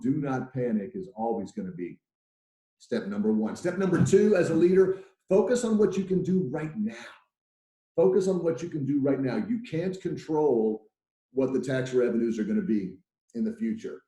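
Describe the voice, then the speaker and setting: A man presenting a training webinar, talking in a lively, chatty way and acting out the voices of people he quotes. His voice is mellow and warm, at an ordinary pitch, and it rings a little in a roomy space. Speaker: workplace trainer.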